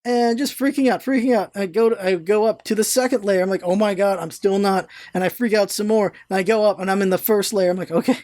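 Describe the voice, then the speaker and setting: A vlogger telling a long personal story in casual, rambling chat, animated, swearing now and then and stumbling over words when excited. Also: mid-range voice, fast, hardly any pauses, dry recording, studio quality. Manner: animated storyteller, swears, retells own thoughts aloud; restarts and stammers when excited.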